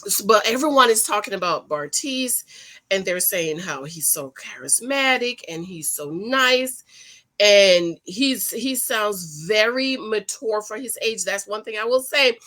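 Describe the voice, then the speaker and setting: A middle-aged woman chatting casually to her viewers while recapping a TV show, animated and laughing often. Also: medium pitch, measured pace. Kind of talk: casual reaction commentary.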